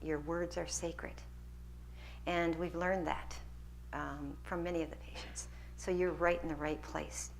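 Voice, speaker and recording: A woman's voice: on the low side, steady tone, moderate pace, creaky, slight background noise. A woman lecturer taking questions from a hall audience, earnest and encouraging as she answers. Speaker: guest lecturer.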